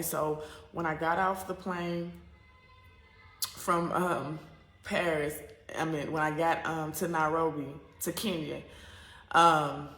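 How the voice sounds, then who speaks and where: A woman's voice: low-pitched, vocal fry, fairly bright tone, echoey room. A woman from the United States telling a personal story to camera in a rambling, candid way, full of fillers and restarts. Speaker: vlogger.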